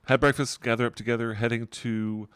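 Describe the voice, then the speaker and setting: A man's voice: mid-range voice, little pitch movement, fairly quick, fairly bright tone, clear, resonant tone, no echo, clean studio sound. A middle-aged man narrating a tabletop game as game master, describing scenes in a rambling, digressive way and chuckling often.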